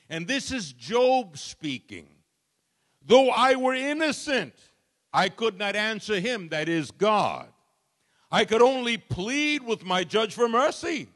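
High, animated preacher man in echoing church. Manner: dramatic preaching, swings from soft to loud. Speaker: pastor. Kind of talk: sermon. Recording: long church reverb.

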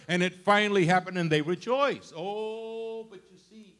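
An older man, a grandfather, preaching a sermon with dramatic storytelling that swings from loud outbursts to hushed asides. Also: high-pitched, normal speed, few pauses. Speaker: pastor.

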